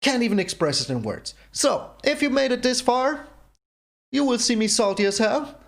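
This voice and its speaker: A man's voice: very high-pitched, sing-song, normal speed, creaky. A man hosting his own gameplay channel, commenting on a card game in an exasperated rant that keeps repeating itself. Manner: exasperated ranting, repeats himself. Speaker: channel host.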